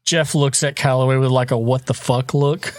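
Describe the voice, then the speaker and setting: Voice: medium pitch, steady tone, moderate pace, no echo, studio quality. A game master casually narrating what characters do in a tabletop game.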